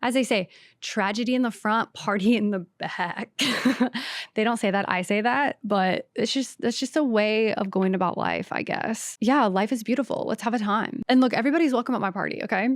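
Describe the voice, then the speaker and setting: A woman's voice: a little high, normal speed, dry recording, studio quality. A woman from the American South with a light Southern accent, a stand-up comedian hosting her own podcast in a brash, sassy, self-mocking solo rant. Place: podcast studio.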